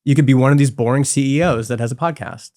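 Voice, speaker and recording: A man's voice: mid-range voice, quick pace. A man in his forties talks as an interview guest, candid and open. He tells stories in a loose, chatty way, often reaching for filler words as he goes. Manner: candid, animated storytelling with frequent "like" fillers. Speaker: guest, software company co-founder. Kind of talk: casual conversational interview.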